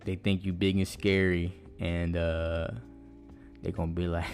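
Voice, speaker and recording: Young guy with a low voice, swearing and rambling through club stories, faint guitar in the back. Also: flat delivery, a little slow, a little mellow. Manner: rambling, profane, slangy, full of "bruh". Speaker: podcast host. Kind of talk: casual monologue storytelling.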